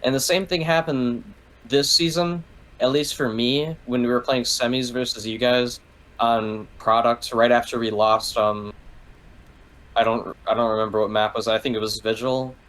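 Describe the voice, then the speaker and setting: A man's voice: medium pitch, fairly even intonation, normal speed, a bit bright, rough recording. Rambling, swearing man in casual talk. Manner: rambling, heavy use of "like", swears freely.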